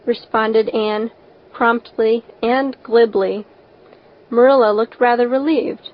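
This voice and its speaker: A woman's voice: fairly high pitch, steady tone. Woman narrating a classic novel. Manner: measured, unhurried reading. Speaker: audiobook reader. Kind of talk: scripted narration. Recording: dull lo-fi recording.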